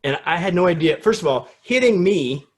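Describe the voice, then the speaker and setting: Animated middle-aged male storyteller. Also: a little fast. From United States. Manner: animated storyteller, acts out quotes with rising pitch. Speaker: interview guest. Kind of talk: storytelling in a casual interview.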